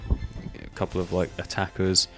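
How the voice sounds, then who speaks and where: Low-voiced guy rambling over gameplay. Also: completely flat delivery, moderate pace, pushed and bright, soft background music. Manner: rambling, swears casually, many fillers. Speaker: gaming video host. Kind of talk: casual gameplay commentary.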